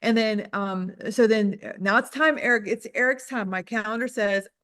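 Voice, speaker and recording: Speaking at normal speed in a slightly high, somewhat bright voice, a female real estate coach chats with a group, sharing frank stories that poke fun at herself. She leans heavily on "like," and the studio recording is clean with no room sound.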